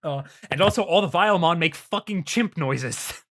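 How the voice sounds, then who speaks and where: Young man on a podcast, bright voice, profane and laughing, casual episode recap. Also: fairly high pitch, animated, normal speed. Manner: loose and profane, laughs often. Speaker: podcast co-host.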